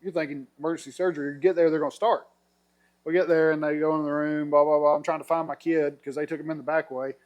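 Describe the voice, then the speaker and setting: A man's voice: a little high, quick pace. A middle-aged man, casually telling a long story over drinks, acting out quotes and laughing often. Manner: animated storyteller, acts out quotes, laughs a lot. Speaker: podcast guest telling a story.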